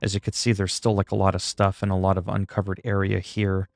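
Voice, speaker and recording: A man's voice: deep voice, completely flat delivery, brisk, vocal fry, no room sound, clean studio sound. A young man streaming a game and chatting casually, rambling with lots of fillers and self-deprecating jokes. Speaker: gaming streamer. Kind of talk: casual livestream chat while gaming.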